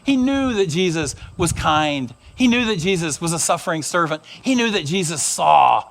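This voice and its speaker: A middle-aged male pastor giving a sermon, an animated storyteller who acts out the voices in his stories. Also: a little high, normal speed, vocal fry.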